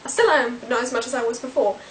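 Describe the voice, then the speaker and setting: A woman's voice: on the high side, quick pace, fairly bright tone, recorded from a distance, a little hiss or hum, poor audio. A woman, chatting to camera as a vlogger, rambling with lots of fillers.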